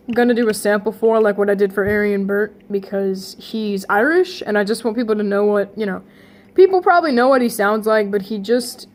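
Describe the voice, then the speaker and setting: Young woman going over a casting call, kinda high voice, rambly. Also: darkish tone. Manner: rambling, with many fillers and restarts. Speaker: channel host running a casting call. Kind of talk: casual spoken casting call.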